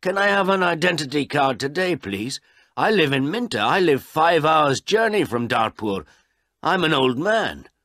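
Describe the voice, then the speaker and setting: A man's voice: a little high, very animated, moderate pace, fairly bright tone, no echo, clean studio sound, voice pushed up. A man doing a pleading old villager. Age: old man figure. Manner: pleading, raised and insistent.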